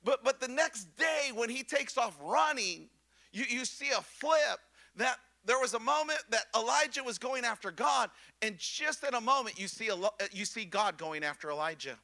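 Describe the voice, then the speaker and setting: A man preaching with fervor, his voice pitched high and ringing bright. He stumbles over repeated words as he builds, then swings between near-shouting excitement and soft, hushed moments. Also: moderate pace. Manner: impassioned, swings from loud excitement to hushed softness. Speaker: pastor. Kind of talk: sermon.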